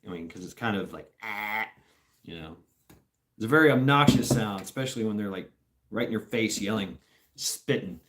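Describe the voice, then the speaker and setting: A man's voice: lowish voice, a bit bright. A man hosting a casual livestream, rambling and chuckling as he chats with viewers. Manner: rambling, chuckling, slow and drawn out. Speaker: livestream host.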